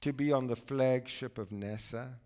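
A man's voice: medium pitch, moderate pace, darkish tone. A man from South Africa giving an enthusiastic, chatty guest talk in church while showing slides. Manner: enthusiastic, exclaiming, chatty asides. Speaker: guest speaker.

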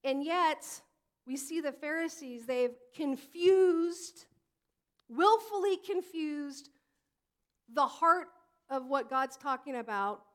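Speaking slowly in a high voice, a thirty-something woman pastor gives a sermon full of lively, conversational storytelling, performing the quoted lines of each character.

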